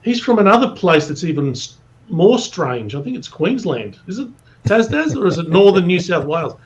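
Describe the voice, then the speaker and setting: An Australian man in casual chat, teasing his friends and insisting he is right. His voice sits a bit high for a man. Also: big pitch swings, moderate pace, dull audio, slight background noise.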